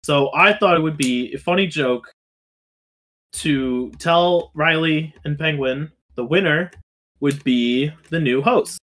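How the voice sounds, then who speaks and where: A man's voice: fairly high pitch, takes it slowly, a bit bright. A man hosting a podcast in casual chat, joking and rambling with lots of restarts. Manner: joking, rambling, self-interrupting. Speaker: podcast host.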